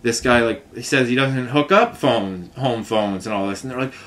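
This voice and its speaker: A man's voice: medium pitch, moderate pace, a bit bright. Rambling man venting to camera. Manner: rambling, frustrated, many "you know what I mean" asides. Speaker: vlogger. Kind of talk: casual storytelling to camera.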